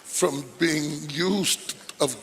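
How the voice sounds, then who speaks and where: A man's voice: fairly high pitch, steady tone, extremely slow, a bit bright, long reverb tail, slight background noise. A male preacher giving a sermon, emphatic and rhetorical, with repeated questions and phrases.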